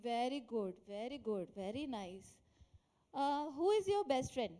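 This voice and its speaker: High-voiced Indian woman teacher. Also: animated, a little slow, dark tone. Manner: encouraging, quizzing students, mixing Hindi and English. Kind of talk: classroom English lesson. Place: classroom.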